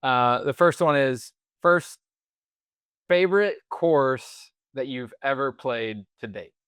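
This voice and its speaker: A man hosting a podcast interview, asking relaxed questions and reacting briefly to his guest. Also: mid-range voice, takes it slowly, clear, resonant tone, no room sound, studio quality. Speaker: podcast host. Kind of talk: casual interview.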